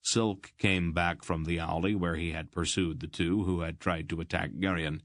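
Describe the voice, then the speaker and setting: A low-voiced man narrates a fantasy audiobook, carrying the action at a steady, measured pace. The recording is close and dry, without any room echo.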